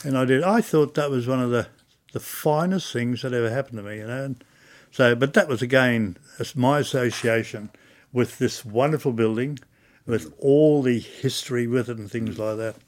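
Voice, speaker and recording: An older Australian man telling stories in an oral history interview, chatty and animated, acting out old conversations. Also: mid-range voice, moderate pace. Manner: chatty storyteller, acts out dialogue.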